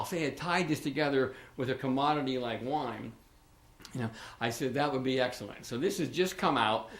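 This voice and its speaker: Chatty older man, echoey meeting room. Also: mid-range voice. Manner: rambling, chatty, with frequent restarts and asides. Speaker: local author addressing township committee. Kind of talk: informal public remarks at a meeting.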